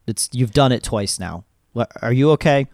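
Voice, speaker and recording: A man in his twenties co-hosting a podcast, chatting casually and telling jokey, animated stories. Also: medium pitch, moderate pace, no echo, clean studio sound. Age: 20s. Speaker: podcast co-host. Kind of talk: casual chat.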